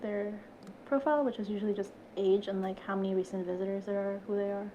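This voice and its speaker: Through a muffled recording with slight background noise, a woman in her twenties talks fast in a mid-range voice. She's a podcast guest in a casual chat, giggly and animated, performing the lines other people said.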